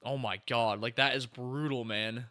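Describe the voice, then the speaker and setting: A man's voice: mid-range voice, fairly even intonation, a little slow, sharp tone. A young man hosting a podcast, reacting casually to a movie as he watches, exclaiming and talking back to the screen. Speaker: podcast host.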